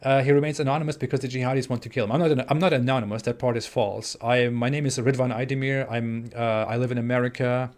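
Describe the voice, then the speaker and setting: A young man in his twenties with a German accent hosts a casual live stream from home. He reads viewer messages aloud and answers them in a halting, searching way, full of fillers and false starts. His voice sits at an ordinary middle pitch. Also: fairly even intonation, a little mellow. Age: 20s. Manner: hesitant, many fillers and restarts. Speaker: livestream host. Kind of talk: live-stream chat reading super chats. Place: home in the US Midwest.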